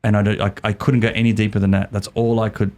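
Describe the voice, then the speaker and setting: A man's voice: on the low side, quick pace. A middle-aged man, a podcast guest, casually retelling a story and often repeating words as he goes. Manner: animated, repeats words while telling a story.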